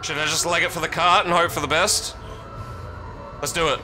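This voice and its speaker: A man streaming a horror game live, swearing a lot and yelling in panic between muttered asides. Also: fairly high pitch, steady tone, a little fast, over music. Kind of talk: live horror gameplay commentary. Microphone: streaming mic.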